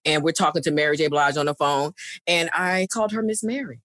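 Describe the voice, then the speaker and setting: A woman co-hosting a casual chat, telling a story with halting restarts. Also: low-pitched, fairly bright tone, dry recording.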